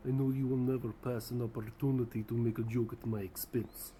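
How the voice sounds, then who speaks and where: A man's voice: medium pitch, level tone, fairly quick, warm tone, a little hiss or hum, lightly acted. A man voicing Russia personified as a proud, touchy male leader who speaks formally and takes offense easily. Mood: indignant.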